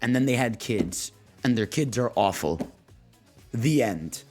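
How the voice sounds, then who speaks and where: A man's voice: mid-range voice, expressive, a little slow, faint music behind. Slangy young man streaming, rambling. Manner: rambling, laughing, slangy, voices quoted characters. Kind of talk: casual livestream chat, reading chat prompts.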